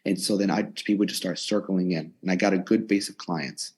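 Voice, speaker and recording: A man's voice: low-pitched, a little fast, slightly rough. A man in his twenties, a personal trainer, candidly telling his story in a casual podcast interview, recorded in his gym. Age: 20s. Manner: candid, energetic, lively retelling with inner dialogue. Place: his own gym in a converted storage unit.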